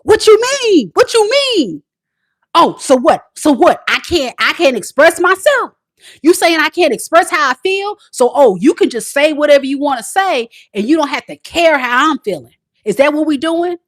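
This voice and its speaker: Woman playing a petulant boyfriend, pitched high, loud and offended, repeating himself. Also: sing-song, normal speed. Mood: indignant. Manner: indignant, whiny, repeating questions. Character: defensive immature grown man, boyfriend.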